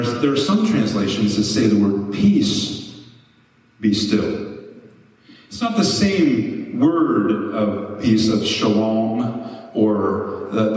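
A man's voice: lowish voice, darkish tone. A man preaches with mounting passion, pushing his voice up to emphatic peaks. He is picked up from a distance, and his words ring on through a large, reverberant hall. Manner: impassioned, rising to emphatic peaks. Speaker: pastor. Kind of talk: sermon. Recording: echoey hall, mic far off.

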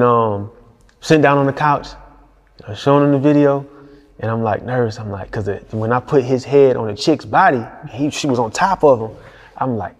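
A man's voice: mid-range voice, long reverb tail. A man from Detroit, a music video director telling stories in a casual interview, laid-back and slangy. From Detroit, USA. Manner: laid-back, slangy, lots of fillers and laughs.

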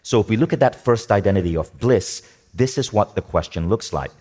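A man giving a motivational talk to a live audience, energetic, asking the room questions and repeating key phrases. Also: lowish voice, fairly quick, hardly any pauses, husky. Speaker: speaker teaching a workshop.

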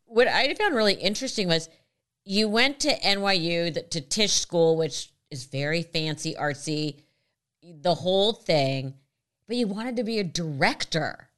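A woman's voice: lowish voice, expressive, measured pace, a bit bright. A woman hosting a casual interview, gushing and enthusiastic with her guest. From New York. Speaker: interview host.

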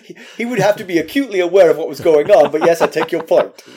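A man with a somewhat higher voice co-hosting a podcast. He chats casually, drops dry, wry remarks, and often stumbles and repeats words as he gets going. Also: fast, warm tone, husky. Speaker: podcast co-host. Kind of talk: casual chat.

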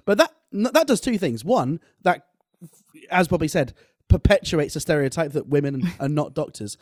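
A man in a casual discussion, animated and jokey as he tells stories. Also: on the high side, normal speed, dry recording, studio quality.

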